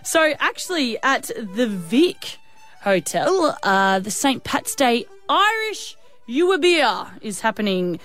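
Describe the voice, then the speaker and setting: A woman's voice: a little high, sing-song, slow, fairly bright tone, soft background music. A woman co-hosting breakfast radio, bubbly and giggly. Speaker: radio co-host.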